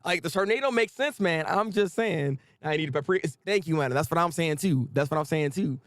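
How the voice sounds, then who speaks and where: A man streaming a live manga reaction, joking and animated, tripping over repeated words when excited. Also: fairly high pitch, brisk, no echo.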